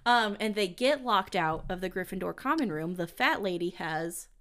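A giggly, animated woman co-hosting a podcast. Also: mid-range voice, normal speed, clear, resonant tone. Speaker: podcast co-host. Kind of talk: casual book discussion.

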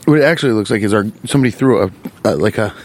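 A man's voice: lowish voice, rapid-fire. A male comedian rambling casually in a joking, profane way while vlogging.

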